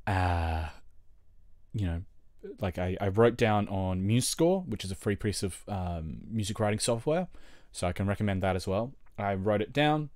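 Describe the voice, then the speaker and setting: Young Australian male streamer, lowish voice, loose rambling chat, dry close mic. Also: animated, moderate pace, a little mellow, no echo. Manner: rambling, chatty, lots of fillers, laughs often. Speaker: livestreamer. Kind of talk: casual livestream chat while video editing.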